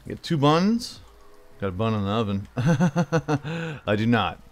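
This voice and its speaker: A man's voice: mid-range voice, animated, takes it slowly. A man casually commentating his own cooking game as he plays, chatty and thinking aloud, calling the viewer "bro". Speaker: gaming channel host. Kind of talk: casual let's-play commentary.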